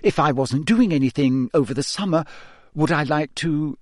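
A clever, bossy schoolgirl witch, voiced by a male narrator, talks in brisk, snappish bursts. Her voice sits somewhat above his usual range. The recording is close and dry. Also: fairly high pitch, no room sound, natural voice. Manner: brisk, sharp and quick to snap.

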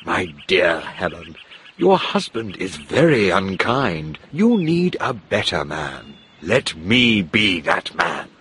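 A man playing an insistent gentleman suitor who pleads slowly and earnestly. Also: low voice, big pitch swings, slightly rough, heavily acted. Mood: pleading.

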